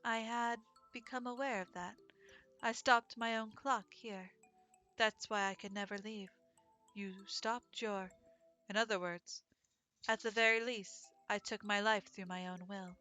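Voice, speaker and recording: A woman voicing a quiet, subdued ghost of a young male pigeon in a dating game, speaking softly. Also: medium pitch, fairly even intonation, measured pace, soft background music. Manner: soft-spoken, subdued, vague.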